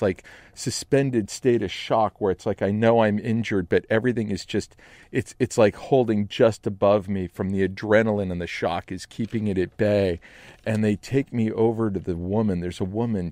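Guy telling a wild story, gets quiet then yells, dry mic. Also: on the low side, dry recording. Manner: animated, shifts between hushed and shouting. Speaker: storyteller guest. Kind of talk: dramatic storytelling. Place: Los Angeles.

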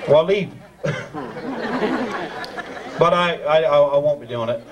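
Taking his time, this master of ceremonies jokes and teases in thick Newfoundland dialect at a live community event. His voice is a little high, and the distant mic over the crowd cuts off the highs.

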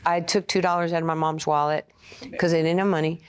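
Animated older New woman. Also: sits low, fast talker, slight background noise. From Queens, New York. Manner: animated storyteller, many fillers and quoted asides. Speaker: guest. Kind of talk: casual interview storytelling.

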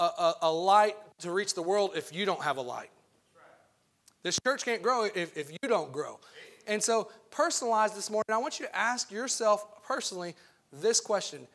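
Young man, sermon, high-pitched, earnest, repeats himself. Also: fairly bright tone. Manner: earnest, conversational preaching with frequent restarts. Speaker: youth pastor, guest preacher.

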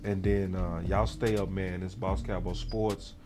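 Rambling low-voiced man hosting sports talk. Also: flat delivery, a little slow. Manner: loose, rambling delivery with many fillers. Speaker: sports show host. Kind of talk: casual livestream sports talk.

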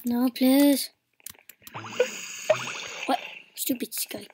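A young woman giving casual, excitable gameplay commentary that swings between pleading, gasping and rambling. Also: sits high, very slow. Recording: noisy home mic recording.

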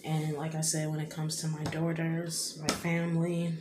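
Talking to her vlog viewers at a moderate pace, a woman in her thirties uses a low, level voice with a completely flat delivery, yet sounds tearful and emotional. Her casual, heartfelt talk rambles, peppered with "you know what I mean." The space is echoey, with a clear hum of noise in the background.

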